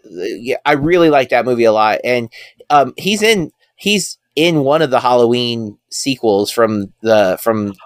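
A man's voice: medium pitch, expressive, unhurried, dry recording, clean studio sound. A man co-hosting a podcast in casual chat, rambling with lots of fillers and enthusiastic about films. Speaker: podcast co-host.

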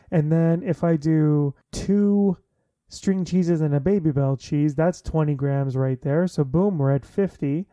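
Casting: man, 30s, loose jokey chatter, mellow low-toned timbre, dry close sound. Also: no room sound. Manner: chatty, filler-heavy, jokey. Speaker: vlogger. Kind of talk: casual chat to listeners.

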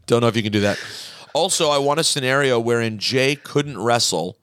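A man's voice: medium pitch, a little fast, fairly bright tone, clear, resonant tone, no echo, studio quality. A man hosting a podcast in casual chat, animatedly reading listener emails aloud. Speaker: podcast host.

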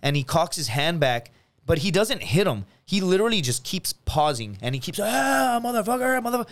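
A man's voice: a little high, moderate pace. A man, a podcast guest, telling a profane story in casual chat, acting out the voices in it. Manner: animated, profane, acts out quotes.

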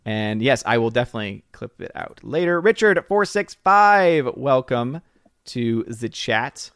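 A man's voice: medium pitch, sing-song, a little slow, a bit bright, smooth, no echo, clean studio sound. A man hosting a casual live stream, greeting viewers by name and reading chat comments. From southern United States. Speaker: livestream host.

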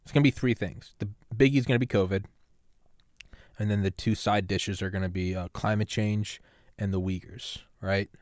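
A man hosting a solo podcast rants sarcastically about politics, swearing and drifting into rambling asides. His voice is on the low side with a darkish, steady tone at normal speed, recorded in studio quality with no room sound.

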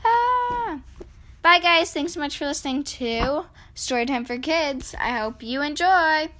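A woman reading a children's picture book aloud in an expressive storytelling voice. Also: sits high. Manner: slow, expressive read-aloud.

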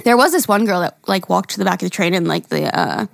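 A woman's voice: lowish voice, expressive, quick pace, vocal fry, no echo, studio quality. A young woman, co-hosting a podcast and telling a story in casual chat, acting out quotes and swearing freely. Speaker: podcast co-host.

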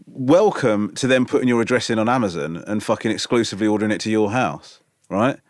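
A man's voice: fairly low pitch, quick pace, no room sound, clean studio sound. A man co-hosting a podcast, teasing his friend and arguing his point wryly. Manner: wry, argumentative, teasing. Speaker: podcast co-host. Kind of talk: casual chat.

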